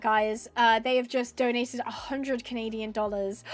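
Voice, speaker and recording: A young woman, a Minecraft streamer, thinks aloud in casual live-stream chat while playing a building game, gushing with thanks and sounding teary and a bit snotty. Her voice is fairly high with fairly even intonation, at normal speed with hardly any pauses and no room sound.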